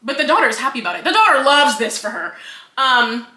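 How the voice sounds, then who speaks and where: A woman's voice: sits high, sing-song, fast, sharp tone, reverberant. A woman co-hosting a book review podcast, retelling the plot in casual chat with acted-out quotes and swearing. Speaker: podcast co-host.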